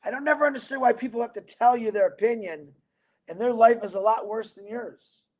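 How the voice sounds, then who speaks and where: A man from Michigan hosting a livestream, giving a rambling, energetic motivational talk to his viewers. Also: very high voice, fairly quick. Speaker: livestream host.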